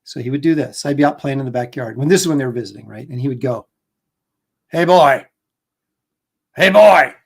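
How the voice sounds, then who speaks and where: A man's voice: medium pitch, rapid-fire, vocal fry, hardly any pauses, warm tone, breathy edge. A man hosting a casual livestream chat, telling rambling, jokey stories. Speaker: host.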